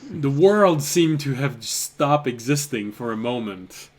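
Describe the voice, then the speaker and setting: A man's voice: medium pitch, animated, slow pace. A man narrating as game master of a tabletop game, chuckling often between lines.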